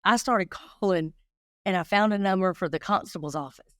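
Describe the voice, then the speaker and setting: This guest investigator, a middle-aged woman, has a medium-pitched voice and a moderate pace, recorded in clean studio sound without room noise. Telling stories in a casual interview, she's lively and talks right to the listeners.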